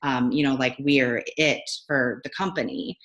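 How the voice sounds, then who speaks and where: A woman's voice: very deep voice, measured pace, a bit bright, highs cut off. A woman on a team call asking a long, rambling question, hesitant with many fillers. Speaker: team member.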